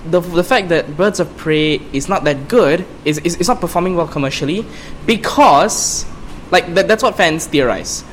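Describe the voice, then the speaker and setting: A man's voice: fairly high pitch, slight background noise. A man co-hosting a casual film review podcast, joking and swearing between laughs. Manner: laughing, profane, quick banter. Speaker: podcast co-host.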